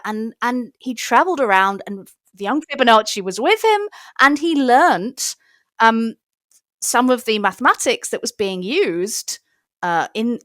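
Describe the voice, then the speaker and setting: A woman with a somewhat high voice explains an idea patiently, building it up one step at a time. The sound is dry and close, with little room around it. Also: fairly bright tone, no echo. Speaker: mathematician guest. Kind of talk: explanatory interview answer.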